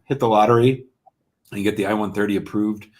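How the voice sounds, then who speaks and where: A man with a fairly low voice hosts a live call-in advice show. He talks bluntly and plainly, even swearing casually. His answers come straight and unvarnished. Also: a little fast. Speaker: immigration lawyer hosting a live call-in show.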